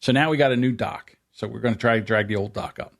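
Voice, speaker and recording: A man in mid-pitch, co-hosting a casual podcast and telling family stories with lots of energy. When he quotes someone, his voice jumps up sharply and then drops back to an easy, chatty tone. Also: fast talker, creaky. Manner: animated, acts out quotes in a raised voice. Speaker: podcast co-host. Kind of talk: casual storytelling chat.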